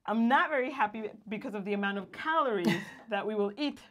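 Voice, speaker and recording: A woman's voice: a little high, brisk, a bit bright. A young woman from Guatemala co-hosting a casual livestream, reading viewer greetings aloud and laughing often. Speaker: co-host of a livestream.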